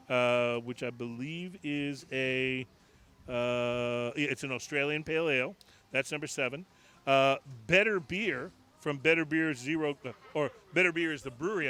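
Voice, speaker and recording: A man's voice: fairly high pitch, unhurried, sharp tone. A man co-hosting a casual podcast recorded on location in a bar, rambling through a list with many fillers and restarts. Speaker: podcast co-host. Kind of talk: casual chat.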